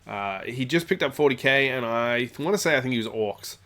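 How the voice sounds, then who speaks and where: A man tells a long, casual story from his gaming club, wandering into asides and filling gaps with uh and you know. His voice sits at an ordinary middle pitch. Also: animated, fairly quick, bright, forceful tone. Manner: rambling, many fillers and asides. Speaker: storyteller, tabletop channel host. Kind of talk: casual anecdote.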